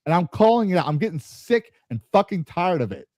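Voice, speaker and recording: A man's voice: sits high, very animated, fairly quick, a little mellow, dry recording. A man hosting a gaming podcast, ranting angrily and swearing, with frequent repeats and restarts. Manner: angry, swearing, repeating himself. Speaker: podcast host and streamer. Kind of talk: heated podcast rant.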